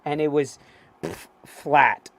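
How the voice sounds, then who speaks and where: A man co-hosting a casual fan talk show, telling stories excitedly, swearing freely and acting out what people said. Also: a little high, slow pace, creaky. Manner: excitable, swears freely, acts out quoted voices. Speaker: co-host. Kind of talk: casual chat, animated storytelling.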